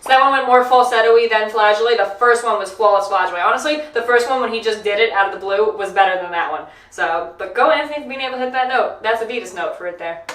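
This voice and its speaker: A woman's voice: on the high side, fast talker, few pauses, fairly bright tone, reverberant, far from the mic, faint music behind. A woman voice teacher reacting to a singing video in casual chat. She is enthusiastic and breaks into short sung demonstrations.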